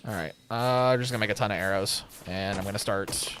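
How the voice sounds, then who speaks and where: A man's voice: fairly low pitch, fast, a bit bright, slight background noise. A young man streaming a game from home, rambling in casual commentary with wry, sarcastic asides. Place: home room with a webcam.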